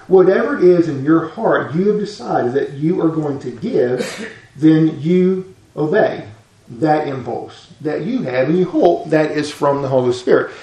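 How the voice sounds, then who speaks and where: A man's voice: a little high, darkish tone, echoey room, poor audio. A man preaching a conversational, folksy sermon as a pastor.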